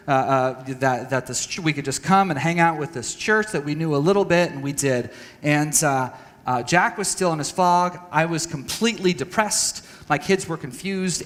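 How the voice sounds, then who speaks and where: A man giving an earnest, halting talk to a church audience, telling a personal story and acting out conversations. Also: a little high, a bit bright, in a large hall. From United States. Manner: earnest, halting with restarts, acts out dialogue. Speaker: speaker at a church training session. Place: church hall.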